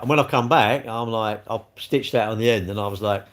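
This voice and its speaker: A man's voice: on the low side, brisk, a bit bright. A man chatting casually on a livestream from his sofa at home, reading the chat and joking in a cheeky, rambling way.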